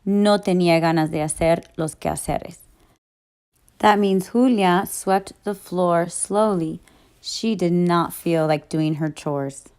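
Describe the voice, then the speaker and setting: A woman with a somewhat low voice teaches a Spanish grammar review. She lays out each rule patiently, one step at a time, like a teacher working through examples. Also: takes it slowly, a little mellow, clear, resonant tone. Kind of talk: explaining grammar in a recorded lesson.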